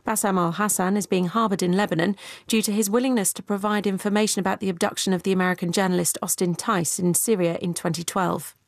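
A woman newsreader delivering a formal radio news bulletin in a measured, even way. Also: medium pitch, dry recording, clean studio sound. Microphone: studio microphone.

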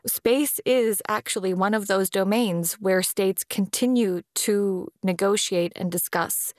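A woman speaking as a space law official in an interview, explaining in a deliberate way with pauses between phrases. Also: mid-range voice, no echo, clean studio sound. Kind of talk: measured explanatory interview talk. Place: based in Vienna.

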